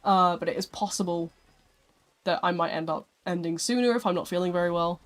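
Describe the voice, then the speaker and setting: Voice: mid-range voice, brisk. A live streamer chatting casually with viewers, rambling a little and filling gaps with "like" and "um". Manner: chatty and rambling, with frequent "like" and "um" fillers.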